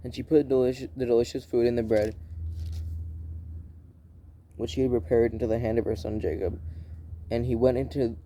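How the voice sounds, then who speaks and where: A man reading scripture aloud in a plain, unhurried way, often restarting and correcting himself. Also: mid-range voice, fairly even intonation, mellow, a little hiss or hum. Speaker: Bible reader.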